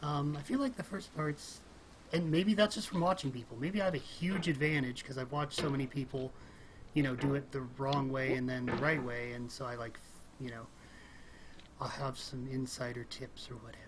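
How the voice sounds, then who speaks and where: A casual gamer talking through a frustrating climbing game, rambling and thinking out loud, often breaking into small laughs and sudden exclamations. The voice sits at an ordinary middle pitch. A clear, steady hiss runs under the recording from a home desk mic. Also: normal speed. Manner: chatty, thinks aloud, rambles, frequent little laughs and exclamations. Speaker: let's play gamer.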